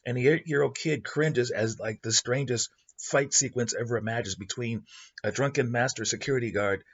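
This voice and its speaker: A man's voice: mid-range voice, fairly bright tone, breathy edge, muffled recording. A man hosting a show, improvising a story in a rambling way with many fillers. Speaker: host.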